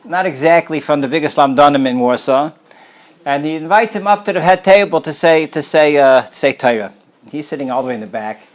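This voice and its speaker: A man teaching a Torah class as a rabbi, telling stories in a casual way, clearing his throat often and starting words over while mixing in Yiddish and Hebrew terms. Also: a little high, lively intonation, fairly quick. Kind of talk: storytelling Torah lecture.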